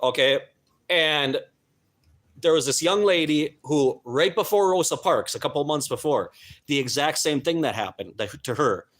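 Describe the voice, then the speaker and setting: A man's voice: a little high, expressive, moderate pace, a bit bright. Earnest man talking on a live stream. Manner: earnest, emphatic, stumbles over names. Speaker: host.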